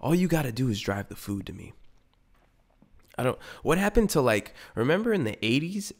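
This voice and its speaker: This podcast host is a young man with a medium-pitched, sing-song voice who talks fairly quickly. He wanders through a foul-mouthed comic monologue, doing voices for the characters in his anecdotes.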